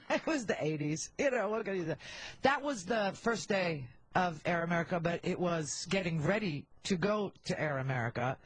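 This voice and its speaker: A woman's voice: on the low side, lively intonation, moderate pace, a little hiss or hum, low-quality recording. A middle-aged woman hosting a talk radio show on a handheld mic, telling candid, wisecracking stories full of rambling asides.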